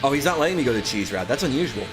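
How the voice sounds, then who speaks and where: A man's voice: mid-range voice, sing-song, very fast. A man streaming a video game, chatting casually and animatedly as he plays. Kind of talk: casual gameplay commentary. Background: faint game music.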